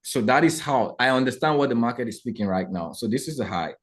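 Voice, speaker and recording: A man teaching a live trading lesson to viewers. He talks in an animated, preacher-like way, asks rhetorical questions and keeps checking in with his audience. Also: mid-range voice, fast talker.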